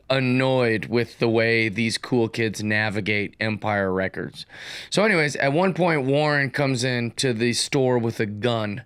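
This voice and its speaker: A comedian in his forties, hosting his own show, rambles through a casual solo monologue packed with fillers and restarts. His mid-range voice comes through with studio quality and no echo, and the storytelling is animated.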